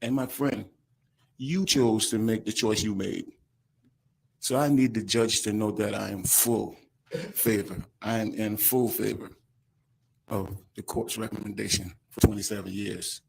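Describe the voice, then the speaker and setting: A man, crying as he gives an emotional, halting victim statement at a courtroom podium microphone. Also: fairly low pitch, steady tone, vocal fry, breathy edge. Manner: emotional, halting, breaks off mid-sentence.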